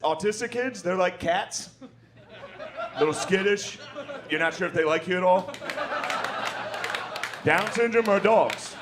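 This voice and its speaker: A man's voice: sits high, a little slow, long pauses, crowd noise. A man in his thirties doing stand-up comedy, laid-back and crude, mocking people and acting out characters.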